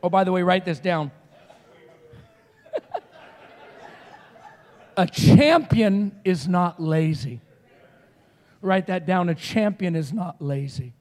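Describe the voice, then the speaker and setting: A middle-aged man preaching as a guest speaker, telling stories with animated energy and shouted outbursts. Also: high-pitched, takes it slowly, pauses often, in a large hall. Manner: animated storytelling, shouting quoted screams. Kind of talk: sermon.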